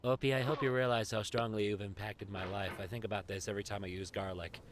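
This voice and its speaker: A man reading internet posts aloud for comedy, with an animated, mock-dramatic delivery that swings quickly in tone. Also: on the low side, noisy background.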